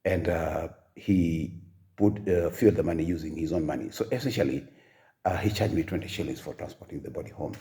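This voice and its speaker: An older man with a Kenyan accent telling his own life story in a halting, soft-spoken way, with many pauses and fillers. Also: deep voice.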